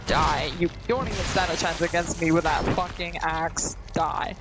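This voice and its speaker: A nervous man streaming a horror game in a put-on American accent, rambling goofily and breaking into high shrieks. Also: normal speed, hardly any pauses, heavy background noise. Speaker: gaming streamer. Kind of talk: casual let's-play commentary.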